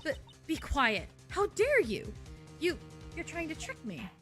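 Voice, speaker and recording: A woman's voice: mid-range voice, normal speed, a bit bright, faint music behind, pitched below the performer's own voice, natural voice. A woman voicing a frightened young woman witness in a game, who trembles, stutters and pleads. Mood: defensive. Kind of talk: fan voice-over of a game's dialogue.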